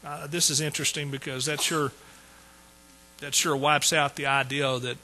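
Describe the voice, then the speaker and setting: A man's voice: fairly high pitch, flat delivery, moderate pace, pushed and bright, slight background noise, poor audio. A man preaching a sermon in a folksy, joking way. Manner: folksy, joking asides to the congregation. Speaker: pastor.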